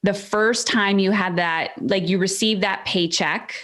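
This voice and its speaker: A woman's voice: medium pitch, fairly even intonation, a little slow, fairly bright tone. A woman hosting a podcast, asking questions in a reflective, encouraging way with frequent "like" and "um". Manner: reflective, encouraging, many fillers like "like" and "um". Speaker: podcast host. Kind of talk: casual podcast interview.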